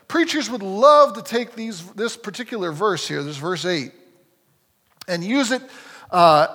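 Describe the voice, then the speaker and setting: A man preaching a sermon as a pastor, talking in a lively, conversational way with frequent restarts. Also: high-pitched, creaky. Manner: animated, conversational, self-correcting. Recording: long hall reverb.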